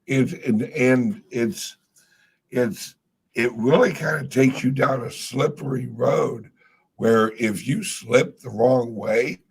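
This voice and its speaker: A man's voice: medium pitch, slow, gravelly, breathy edge. A man in casual chat, rambling through stories, trailing off and swearing casually. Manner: laid-back storytelling. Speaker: podcast co-host.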